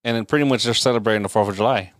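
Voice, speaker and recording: A man's voice: lowish voice, racing, no room sound, studio quality. A man in his thirties co-hosting a podcast, an easygoing storyteller who laughs often. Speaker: podcast co-host. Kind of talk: casual chat.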